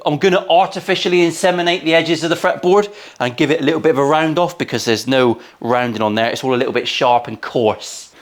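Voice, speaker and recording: A man's voice: on the high side, quick pace, hardly any pauses. A man in his forties, a luthier giving casual workshop commentary full of cheeky, crude, sweary asides. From England. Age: 40s. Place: guitar workshop.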